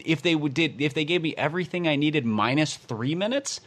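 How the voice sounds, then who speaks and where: A man's voice: on the high side, lively intonation, brisk, fairly bright tone. A man co-hosting a podcast in casual chat, making wry, teasing jokes. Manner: wry, joking, teasing asides. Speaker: podcast co-host.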